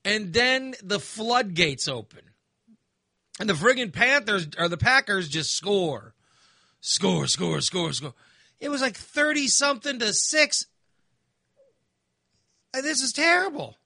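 A man's voice: sits high, expressive, takes it slowly, gravelly, long pauses, pushed and bright, no room sound, studio quality. A man ranting casually, exasperated and sarcastic, sounding fired up. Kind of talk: casual opinion rant.

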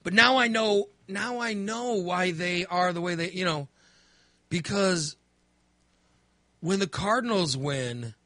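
A middle-aged man chatting casually, telling a story with lively acted-out reactions. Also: sits high, slow pace, pauses often, no echo. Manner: animated storyteller, acts out his own reactions. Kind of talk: casual chat.

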